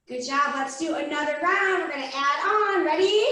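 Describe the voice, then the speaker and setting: High-voiced woman teaching kids yoga. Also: moderate pace, few pauses, sharp tone. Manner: playful, sing-song call-and-repeat cues. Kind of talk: teaching a yoga class over video call. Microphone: laptop video call mic. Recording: roomy echo, far from the mic.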